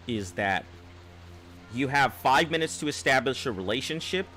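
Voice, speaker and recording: A man streams a game while chatting casually, rambling and restarting phrases as he offers advice and reads viewer comments aloud. His mid-range voice is a bit bright, in the style of a relaxed live-stream chat.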